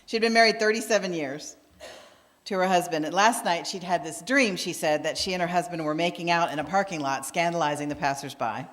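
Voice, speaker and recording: Lady pastor telling a story from the pulpit, lowish voice, long church echo, acts out the people she quotes. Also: brisk, fairly bright tone. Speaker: minister. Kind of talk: sermon with storytelling. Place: church sanctuary. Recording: long reverb of a church hall.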